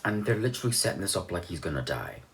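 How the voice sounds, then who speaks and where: Young man, very low voice, casual movie recap, rambling and offhand, light background hum. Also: sing-song, quick pace, fairly bright tone. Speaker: movie reviewer.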